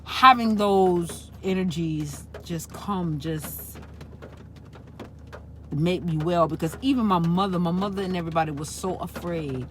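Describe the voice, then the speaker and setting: A woman's voice: fairly low pitch, measured pace, fairly bright tone, slight background noise. A woman speaking in a casual, rambling spiritual monologue, repeating herself and tagging her points with "right?". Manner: rambling and repetitive, frequent "right?" tags. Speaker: spiritual channel host.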